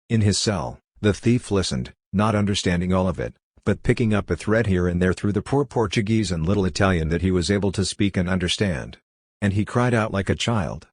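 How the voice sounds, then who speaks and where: A male narrator reading a novel aloud, with a very deep voice. The recording is dry and close, with no room sound. His reading is measured and steady. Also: no room sound. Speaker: audiobook narrator. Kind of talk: scripted narration.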